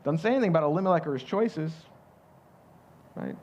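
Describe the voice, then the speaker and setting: A man's voice: on the high side, lively intonation, fairly quick, darkish tone, dull audio. A man with a Southern US accent preaching a sermon in a conversational way, often repeating words as he restarts a thought. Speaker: pastor.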